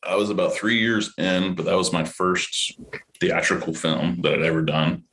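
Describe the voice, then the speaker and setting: A man in his thirties with a very low, deep voice tells animated, profane stories in a casual interview. He is from Florida and acts out what people said on set in raised, punchy voices. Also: moderate pace, a little hiss or hum, rough recording. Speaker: actor guest.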